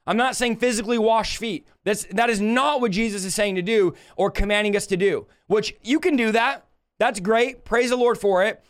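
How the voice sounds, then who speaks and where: A man preaching a livestreamed sermon, emphatic and impassioned, slowing down to draw out scripture quotes and rising sharply when he rebukes. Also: high-pitched, steady tone. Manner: slows to drawn-out delivery when quoting scripture.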